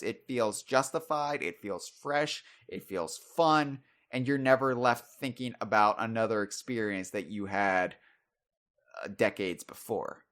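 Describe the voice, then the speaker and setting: A man's voice: medium pitch, fairly bright tone. A man hosting a podcast, chatting casually and thinking aloud about video games. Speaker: podcast host.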